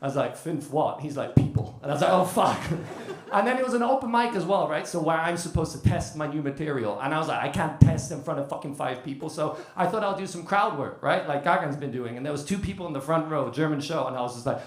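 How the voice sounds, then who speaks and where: A man's voice: fairly high pitch, animated, fast talker, roomy sound. A man in his thirties from the UK doing a chatty stand-up comedy set with crowd work. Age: 30s. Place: comedy club stage.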